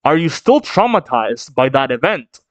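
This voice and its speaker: A man's voice: mid-range voice, very animated, moderate pace, no echo, lightly acted. A man reading aloud the lines of a scornful, hot-tempered chained giant from a manga.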